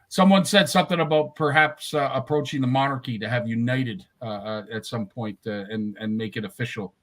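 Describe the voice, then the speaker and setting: A man's voice: medium pitch, fairly even intonation, normal speed, a bit bright. A man hosting a live fishing show, reacting with short interjections and reading viewer comments aloud in casual chat.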